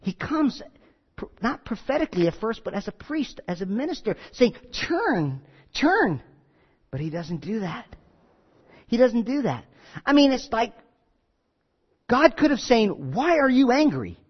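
Preacher, male, high lively delivery, dull lo-fi recording with a long hall echo. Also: normal speed, pauses often, slightly rough. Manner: animated preaching, acts out quoted voices. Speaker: pastor. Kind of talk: sermon.

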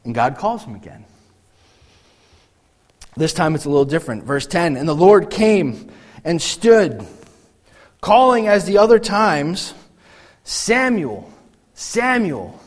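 A man preaching a sermon, reading scripture and acting out the voices in the story with animated energy. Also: a little high, unhurried, pauses often, long reverb tail. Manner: animated, acts out biblical voices. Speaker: pastor.

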